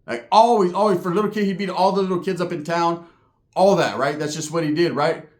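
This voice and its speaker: A man's voice: a little high, steady tone, fast, roomy sound. A man from Southern California telling a long, profane, rambling story on stage, often tagging his lines with "right?". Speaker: stand-up comedian. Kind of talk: stand-up storytelling.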